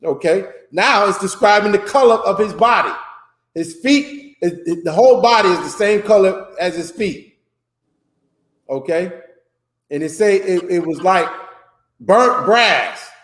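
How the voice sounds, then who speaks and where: A man from Florida leads an informal religious class with a high voice. He speaks in loose, rambling, emphatic street talk. The room around him is echoey. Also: animated, measured pace, fairly bright tone. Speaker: teacher.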